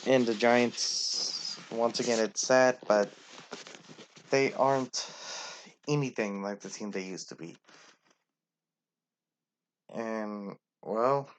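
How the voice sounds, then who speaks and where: A man's voice: lowish voice, takes it slowly, long pauses, a little hiss or hum. Blunt man ranking teams. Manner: opinionated, blunt, talks straight to the teams. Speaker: sports commentator. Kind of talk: casual rankings commentary.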